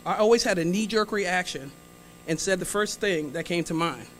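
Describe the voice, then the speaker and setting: A woman with a lowish voice speaks at a normal pace, telling a funny story from a stage in a large hall with slight background noise. The guest speaker is chatty, teasing and prompting the audience and acting out each exchange.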